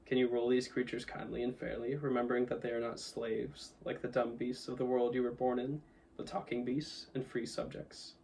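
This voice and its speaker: A man voicing a wise, commanding male lion who speaks in a solemn, measured way, with some distance from the mic. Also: mid-range voice, flat delivery, vocal fry, warm tone, a little hiss or hum, close to an everyday voice.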